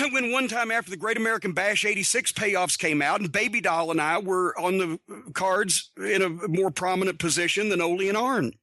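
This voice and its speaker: High-voiced blunt profane man storyteller. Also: normal speed, sharp tone, dry recording. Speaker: podcast host. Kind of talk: casual storytelling monologue.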